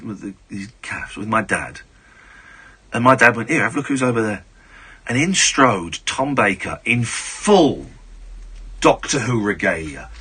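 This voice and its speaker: A man, a radio host telling stories in a casual, animated and gushing way. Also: medium pitch, slightly rough. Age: 40s. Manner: animated, gushing, full of restarts. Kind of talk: casual chat, storytelling.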